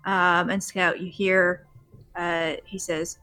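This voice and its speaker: A woman narrating a tabletop role-playing game as game master, relaxed with frequent filler pauses. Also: lowish voice. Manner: relaxed, many ums.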